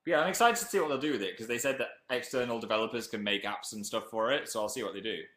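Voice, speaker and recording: Reading out viewer comments during a casual live stream, this young Northern English man speaks in rapid-fire bursts. His voice is mid-range with a fairly bright tone, and the room echoes.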